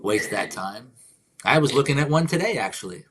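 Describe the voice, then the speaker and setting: A man hosting a live stream, talking casually and reflectively about faith and life, sometimes slipping into soft whispered affirmations. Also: medium pitch, expressive, normal speed, breathy edge. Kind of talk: casual spiritual chat.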